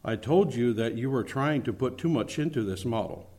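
A man voicing a doubtful male angel who gently questions, read aloud within a sermon story. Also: mid-range voice, lively intonation, moderate pace, close to an everyday voice. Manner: skeptical, questioning.

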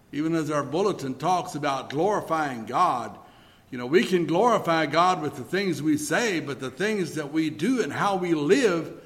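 A man preaching a sermon in a church, speaking deliberately with pauses and occasional fillers. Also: fairly high pitch. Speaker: pastor.

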